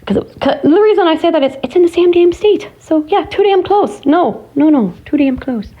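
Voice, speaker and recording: A woman's voice: very high-pitched, animated, moderate pace, few pauses, dark tone, lo-fi sound. A woman chatting casually at home on her vlog, rambling and exclaiming, sometimes muttering to herself. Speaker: vlogger. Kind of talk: casual chat.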